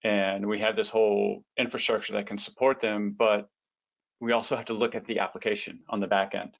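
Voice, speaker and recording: A man's voice: fairly low pitch, level tone, brisk, vocal fry, dull audio. A man co-hosting a webinar, talking casually with restarts and a teasing streak. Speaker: co-host.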